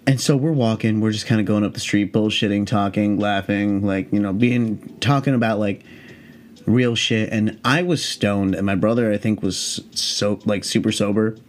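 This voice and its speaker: A man in his late twenties hosting a podcast, telling a story in a casual, rambling way, profane and animated. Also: lowish voice, moderate pace. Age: late 20s. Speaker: podcast host.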